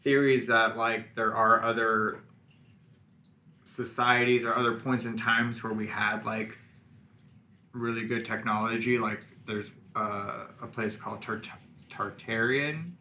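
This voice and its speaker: Bright-sounding guy rambling thru a story on a podcast, lots of likes and ums. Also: lowish voice, level tone, unhurried, a little hiss or hum. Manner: rambling, filler-heavy storytelling. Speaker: podcast co-host. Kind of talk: casual chat.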